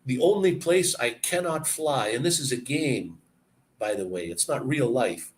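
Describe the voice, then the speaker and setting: A man's voice: mid-range voice, animated, measured pace, poor audio. A man from Canada telling stories in casual chat, rambling and opinionated, with frequent restarts.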